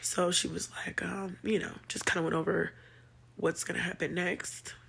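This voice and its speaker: A woman vlogger telling a personal story to her viewers, halting with many pauses and fillers, shaken and emotional. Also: fairly low pitch, level tone, creaky, a bit bright, slight background noise.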